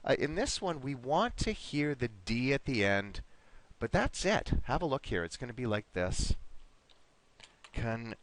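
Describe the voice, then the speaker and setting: A man's voice: mid-range voice, sing-song, moderate pace. A man teaching an online English lesson, patiently encouraging his students and modeling pronunciation word by word.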